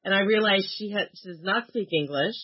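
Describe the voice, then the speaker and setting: Brief: woman co-host, casual and chatty, husky voice, dull lo-fi sound. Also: medium pitch, fairly quick. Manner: chatty, adds details, laughs. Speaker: podcast co-host. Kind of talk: casual chat.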